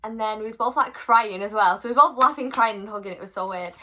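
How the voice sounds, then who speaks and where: Bright-voiced young woman, chatty. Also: medium pitch, quick pace, a little hiss or hum. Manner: chatty, animated retelling with quoted voices. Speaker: vlogger. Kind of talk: casual storytime.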